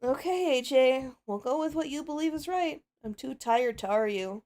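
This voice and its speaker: A blunt tomboy pony, worn out and cautious, speaking a bit higher and flatly tired, as a woman puts her on. The delivery is plain and weary, fitting a fan game role-play. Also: measured pace.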